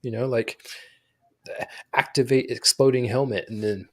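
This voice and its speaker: A man's voice: mid-range voice, fairly even intonation, measured pace, fairly bright tone. A man co-hosting a podcast in casual chat, amused and acting out quotes as he retells scenes. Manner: amused storyteller, acts out quotes. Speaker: podcast co-host.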